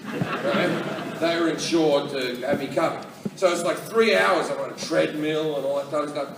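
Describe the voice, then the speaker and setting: Stand-up comic, profane storyteller, loud hall noise around a distant voice. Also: male voice, on the high side, normal speed. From Australia. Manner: profane, animated storytelling that acts out other people's voices. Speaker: stand-up comedian. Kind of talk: stand-up comedy set. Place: large comedy venue with a live audience. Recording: echoey hall, voice from far off, loud ambience.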